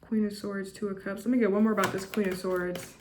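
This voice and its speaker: A woman's voice: medium pitch, little pitch movement, fairly quick, very noisy. Chatty, blunt woman tarot reader. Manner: chatty, repetitive, with frequent restarts and "like"; blunt and judgmental. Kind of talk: casual tarot reading to camera.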